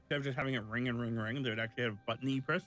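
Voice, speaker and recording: A man's voice: mid-range voice, steady tone, racing, a bit bright, soft background music. A man in casual chat during a co-op game stream, rambling through stories and swearing when annoyed. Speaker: co-op gaming streamer. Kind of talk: casual chat while gaming.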